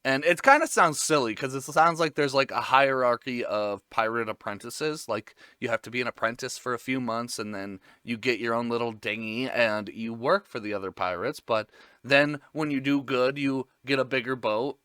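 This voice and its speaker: A man's voice: medium pitch, normal speed, sharp tone, clear, resonant tone, no echo, studio quality. A man casually recapping an anime episode, rambling and joking with frequent swearing.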